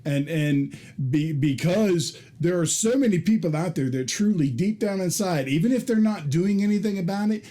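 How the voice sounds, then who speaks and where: Mellow-voiced podcast host man. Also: high-pitched, expressive, normal speed, hardly any pauses. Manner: agreeable, frequent affirmations, casual swearing. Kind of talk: conversational interview.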